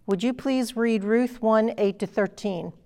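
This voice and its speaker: A woman's voice: on the high side, a little slow, dark tone. A woman preaching a sermon, earnest and emphatic, reading scripture aloud and explaining it to a congregation.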